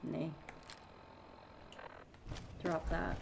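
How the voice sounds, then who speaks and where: A woman's voice: fairly low pitch, a little slow, slight background noise, poor audio. A woman in her thirties from Canada with a Canadian accent, chatting casually and reading viewer chat aloud while she plays a game. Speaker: game streamer. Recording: loud game sound behind voice.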